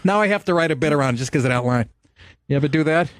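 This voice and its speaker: A man's voice: a little high, fast talker. A man hosting a comedy podcast, telling stories in a crude, laughing, casual way. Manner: crude, laughing, animated storytelling. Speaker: podcast host.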